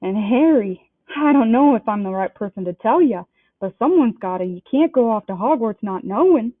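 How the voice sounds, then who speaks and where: A woman reading a storybook aloud and voicing a big, gruff, kindly male giant who blusters in a rustic dialect. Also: fairly high pitch, expressive, normal speed, dry recording. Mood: worried. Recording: dry, tinny phone-like sound.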